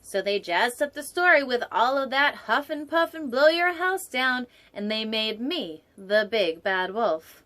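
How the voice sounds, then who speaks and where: A woman with a slightly high voice reads a picture book aloud as a storytime host. She keeps stopping to riff on the pictures with playful, rambling jokes, and slips into quiet whispered asides. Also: sing-song, unhurried, hardly any pauses.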